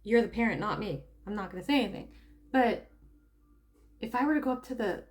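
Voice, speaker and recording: A woman talking casually to camera, telling a story in an animated way and often stopping to laugh and add asides. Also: fairly high pitch, fairly quick. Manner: animated storytelling, acting out quoted people. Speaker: tarot reader and spiritual coach. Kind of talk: casual opinion monologue.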